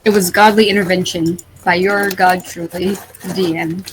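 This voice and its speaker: A woman narrating as game master of a tabletop game in a relaxed, conversational way. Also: fairly low pitch, moderate pace, background noise.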